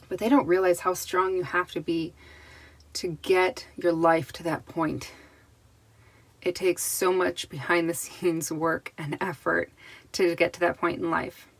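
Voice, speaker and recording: A woman gives a tarot card reading straight to the camera in a relaxed, chatty way. Her voice sits a little low, and she reassures the viewer as she lays out each card. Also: no echo, poor audio. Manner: chatty and reassuring, with restarts and laughs.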